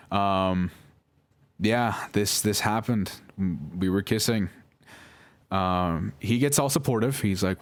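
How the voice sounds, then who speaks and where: Young guy rambling through a personal story, lots of ums and sorrys, lowish voice. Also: slow, pauses often. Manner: rambling, apologetic, many fillers. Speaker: vlogger. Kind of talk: casual storytelling.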